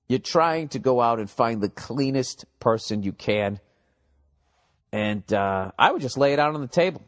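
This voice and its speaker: A man hosting a comedy podcast in a casual, loud, jokey monologue, swearing freely, his voice slightly cracking. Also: fairly low pitch. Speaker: podcast host.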